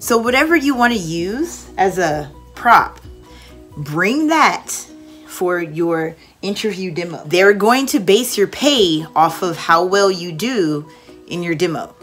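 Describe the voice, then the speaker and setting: A young woman mentoring online English teachers in a casual, lively way, acting out a cheerful classroom voice at times. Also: fairly low pitch, takes it slowly, faint music behind. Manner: lively, demonstrates with exaggerated teacher voice. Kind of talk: casual instructional talk.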